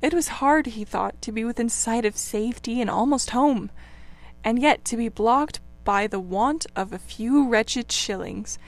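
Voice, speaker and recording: A woman reads a classic storybook aloud with a fairly high voice. She leans into the drama, letting her delivery swell on the tense passages and settle back for the calm ones. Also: a little slow, soft background music. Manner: expressive, dramatic. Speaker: audiobook narrator. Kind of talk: storybook narration.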